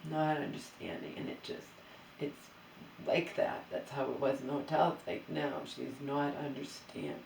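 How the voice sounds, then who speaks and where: A woman's voice: low voice, steady tone, normal speed, vocal fry, darkish tone, distant mic, slight background noise. A woman vlogger in a rambling, exasperated monologue to camera, recorded in an empty bedroom in her new home. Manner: rambling, exasperated venting with restarts. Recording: roomy echo, voice away from the mic.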